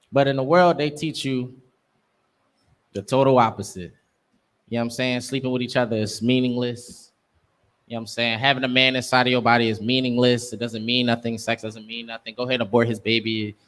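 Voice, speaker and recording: A man's voice: mid-range voice, fairly bright tone. A young man teaching a scripture class, preaching emphatically in street slang. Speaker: class instructor.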